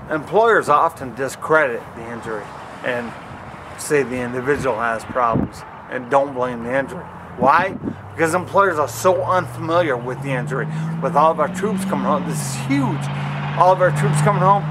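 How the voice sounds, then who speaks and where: Earnest man speaking outdoors over traffic. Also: medium pitch. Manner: earnest and emphatic, short phrases with pauses. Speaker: author and motivational speaker. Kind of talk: direct appeal to camera.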